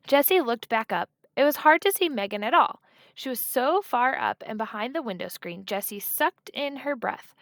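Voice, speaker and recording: A woman narrating a children's book in a steady, expressive storytelling manner, close to the mic. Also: mid-range voice, moderate pace, gravelly, no room sound. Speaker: audiobook reader.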